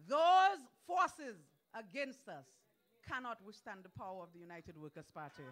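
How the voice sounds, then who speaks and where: A man with a Dominican accent giving a fiery political rally speech as a senator, shouting in repeated calls to the crowd outdoors. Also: very high voice, sing-song, normal speed.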